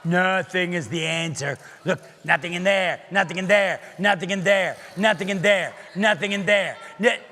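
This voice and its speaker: A man doing comic magic-show patter for children, playful and teasing, calling loudly out to a live audience. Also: high voice, moderate pace, few pauses, slight background noise. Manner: playful, teasing, loud, calls out to the crowd. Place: synagogue sanctuary in front of a live audience.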